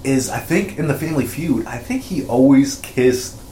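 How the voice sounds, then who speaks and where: An agreeable man talks movies casually, hesitant, circling back and restarting his sentences. His voice has an ordinary middle pitch and echoes around a bare room, with a faint hiss underneath. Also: animated, normal speed, warm tone. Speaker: podcast co-host.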